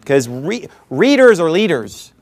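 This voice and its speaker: A man preaching a sermon in church, animated and mocking, with frequent laughing asides. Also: on the high side, measured pace. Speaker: pastor.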